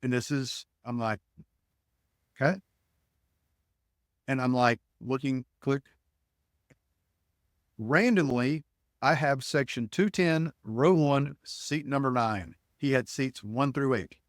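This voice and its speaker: A man's voice: medium pitch, slow pace, no echo, studio quality. A middle-aged man, a podcast guest, telling a long story in conversation and acting out the other people's lines in his own voice. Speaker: podcast guest, ticket broker.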